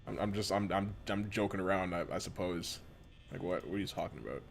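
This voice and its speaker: Rambling, profane male streamer, lowish voice. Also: fairly quick, vocal fry, faint music behind. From western US. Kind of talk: casual gameplay chat.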